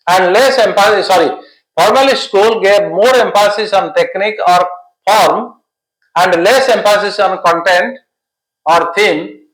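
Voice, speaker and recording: A man with a high, slightly bright voice teaches an exam-prep literature lesson, explaining patiently and repetitively while stringing synonyms together. The audio is reverberant and poor.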